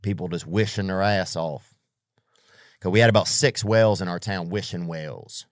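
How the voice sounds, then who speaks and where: A man's voice: low-pitched, normal speed, no echo, clean studio sound. A man doing a rambling, profane comedic monologue as a podcast host, full of slang and tangents.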